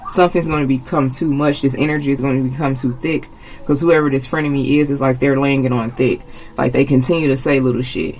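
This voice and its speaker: A woman's voice: very deep voice, fairly even intonation, fast, darkish tone, low-quality recording. A woman giving a casual tarot reading, blunt and emphatic, swearing freely and repeating her phrases. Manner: emphatic, gets agitated. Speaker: tarot reader.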